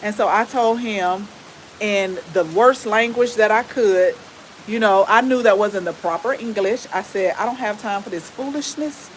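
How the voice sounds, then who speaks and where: A woman with a Southern US accent and a relaxed drawl, chatting casually with viewers as the host of a gardening channel. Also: mid-range voice, normal speed, a little hiss or hum, rough recording. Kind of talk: casual live-stream chat with viewers.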